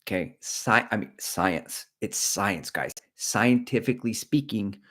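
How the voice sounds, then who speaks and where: A man's voice: fairly low pitch, animated, unhurried, fairly bright tone. A middle-aged man hosting a running livestream, chatting candidly and joking as he rambles between topics. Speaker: running channel host. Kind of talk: casual livestream chat.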